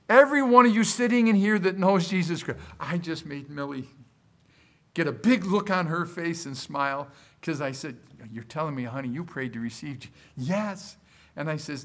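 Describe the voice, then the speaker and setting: A pastor preaching a sermon to his congregation, quoting scripture in a lively voice and putting questions to the room. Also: on the high side, unhurried. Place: church service.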